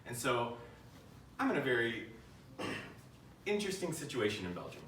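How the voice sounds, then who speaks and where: American man, 30s, animated keynote storyteller with jokes, heard from a distance in a roomy hall with faint noise. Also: mid-range voice, normal speed. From United States. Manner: storytelling with jokes and playful asides. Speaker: keynote speaker. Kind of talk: humorous live keynote talk. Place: conference room.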